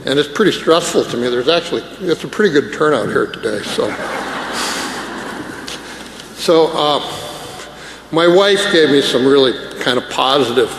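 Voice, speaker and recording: Emotional scientist in an echoey hall. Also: male voice, medium pitch, animated, moderate pace, pauses often. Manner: emotional, self-deprecating, joking. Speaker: scientist speaker. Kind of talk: conference plenary talk. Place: large conference hall. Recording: echoey hall with faint noise.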